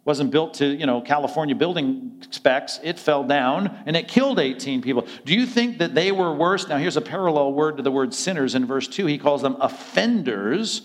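A man's voice: fairly high pitch, lively intonation, moderate pace, few pauses. A male pastor preaching a conversational sermon, often acting out quoted dialogue in other voices.

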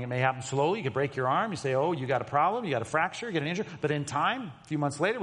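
A man with a somewhat high voice preaches to his congregation, leaning hard on key words and then dropping to a hushed aside. The sound carries a long reverb from the large hall. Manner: emphatic, shifts between loud and hushed delivery. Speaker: pastor. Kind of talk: sermon.

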